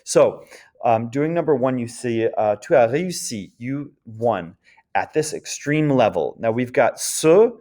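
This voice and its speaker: A man's voice: mid-range voice, animated, a little slow, mellow. A man teaching French grammar in a patient, explanatory lecture, checking in often with his students. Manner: patient, explanatory, frequent "d'accord?" checks and "um" fillers.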